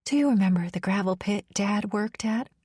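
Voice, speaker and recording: A woman voicing a distracted, nostalgic middle-aged mother with a breathy manner, in an audiobook. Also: mid-range voice, moderate pace, a little mellow, dry recording, clean studio sound, lightly acted.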